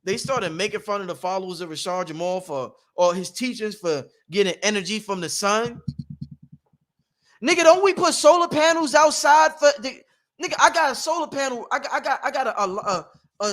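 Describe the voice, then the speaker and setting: High-voiced man ranting on a livestream. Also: moderate pace. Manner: animated, preachy, laughs often. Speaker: livestream host. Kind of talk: casual livestream monologue. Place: at home.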